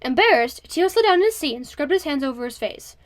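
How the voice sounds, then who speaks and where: A woman reading a novel aloud in an expressive, steady audiobook style. Her voice sits high. She moves through the narration evenly. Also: fast.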